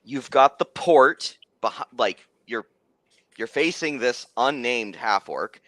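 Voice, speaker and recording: A young man narrating as game master, rambling with many halting restarts. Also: mid-range voice, lively intonation, bright, forceful tone, no echo.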